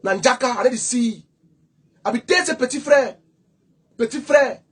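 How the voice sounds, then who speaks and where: A man's voice: very high-pitched, moderate pace, husky. A man with a Cameroonian Pidgin English accent, an activist speaking straight to the camera in a heated, accusing way, often stuttering on repeated words. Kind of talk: impassioned direct-to-camera talk.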